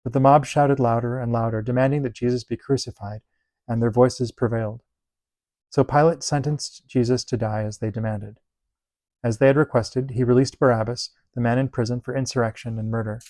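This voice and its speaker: A man reading Bible passages aloud in a steady, measured delivery. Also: mid-range voice, no room sound. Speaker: Bible reader.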